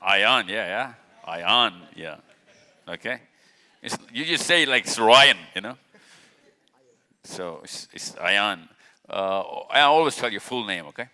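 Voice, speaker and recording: A man with a lowish, bright, forward voice talks casually to a live crowd. He is chatty and jokey and keeps putting questions to the audience. His voice rings out with a long hall reverb. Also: expressive, a little slow. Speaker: speaker at a live event. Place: large hall with stage lights.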